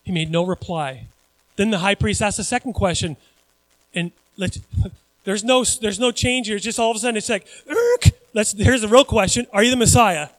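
A man with a notably high voice delivers an animated sermon, chatting with his listeners as he goes. The sound is close and dry, with no room echo. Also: moderate pace. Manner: animated, conversational preaching with asides to the congregation. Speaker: pastor.

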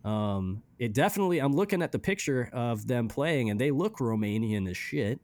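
A man co-hosting a casual music podcast, rambling with many restarts and trailing off quietly. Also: medium pitch, animated, normal speed, no echo. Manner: rambling, restarts often, drops quiet at ends of thoughts. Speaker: podcast co-host reviewing music. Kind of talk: casual chat.

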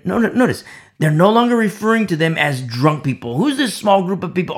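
Dramatic male preacher with gravelly voice. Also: sits high, lively intonation, moderate pace. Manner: dramatic, swings from loud declarations to hushed whispers. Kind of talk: sermon.

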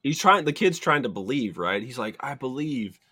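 Young man, co-host, lively swinging pitch, bright forceful voice, dry sound. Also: brisk, husky. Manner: animated, joking, profane. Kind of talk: casual movie chat.

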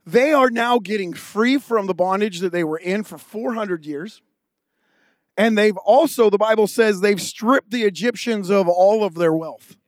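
High-voiced male pastor preaching. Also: unhurried, dry recording, clean studio sound. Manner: casual storytelling, humorous. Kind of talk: sermon.

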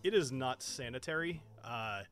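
A young man narrating as game master for a tabletop game, chatty and quick to laugh. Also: medium pitch, a bit bright. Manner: chatty, laughs often, frequent restarts.

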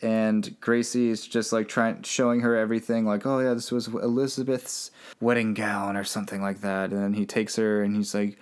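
A man's voice: on the low side, flat delivery, normal speed, few pauses, clean tone. A man co-hosting a podcast, casually retelling a film's plot and mimicking the characters' lines. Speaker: podcast co-host. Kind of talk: casual movie recap chat.

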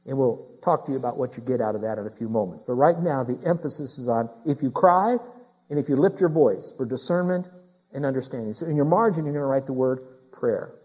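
A man's voice: medium pitch, expressive, fast, warm tone, breathy edge, low-quality recording. A middle-aged man preaching a sermon as a pastor. He speaks emphatically, repeats his key phrases and puts questions straight to the congregation.

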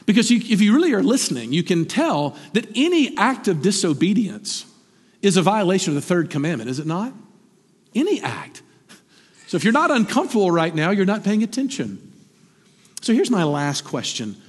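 Husky, animated preacher man in a hall. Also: fast talker. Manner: animated, rising to emphatic peaks then dropping low. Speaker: pastor. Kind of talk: sermon. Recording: long hall reverb.

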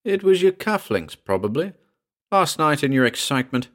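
A man reading aloud, voicing a puzzled young man who tries to sound calm and reassuring. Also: on the high side, normal speed, voice pushed up. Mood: unconvincing reassurance. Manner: uneasy, forced reassurance.

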